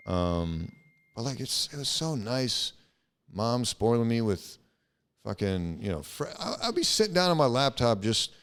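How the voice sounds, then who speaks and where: A man's voice: mid-range voice, fairly bright tone, clear, resonant tone. A young man hosting a casual solo podcast, rambling and swearing with lots of fillers. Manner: rambling, profane, frequent fillers. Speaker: podcast host.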